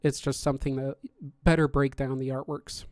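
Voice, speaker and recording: Here the podcast host and contest judge has a level, slightly mellow mid-range voice and a moderate pace. He rambles casually about how the contest is judged, restarting often and leaning on fillers, with no room sound in the recording.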